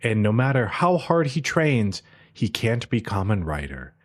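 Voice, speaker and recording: Man recapping an anime, deadpan and profane. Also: on the low side, measured pace. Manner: retells plot deadpan with frequent swearing. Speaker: podcast co-host. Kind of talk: casual anime recap chat.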